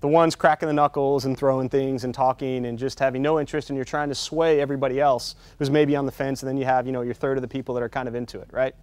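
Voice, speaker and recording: A man runs a meditation teacher-training workshop, talking quickly with hardly any pauses in a mid-range, level, darkish voice, recorded dry. He's conversational, keeps asking "right?" to check in, and builds intensity as he reaches his key points.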